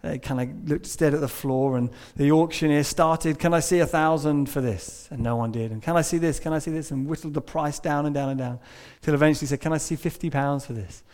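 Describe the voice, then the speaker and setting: A man delivering a church sermon, his voice sitting a little high for a man. He tells a story, sometimes dropping to a hush and sometimes pressing a point with emphasis. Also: brisk, hardly any pauses. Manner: storytelling, shifting between hushed and emphatic. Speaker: preacher.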